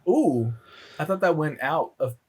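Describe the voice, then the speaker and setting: A man's voice: on the high side, animated, a little slow, slightly rough. A man co-hosting a podcast in casual chat, hesitant, with many fillers and restarts. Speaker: podcast co-host.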